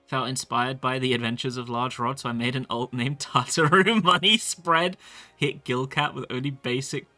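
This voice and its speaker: Bright-voiced casual male streamer. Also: mid-range voice, fairly even intonation, moderate pace, soft background music. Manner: casual, chatty, reads chat aloud. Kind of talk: live-stream gameplay commentary.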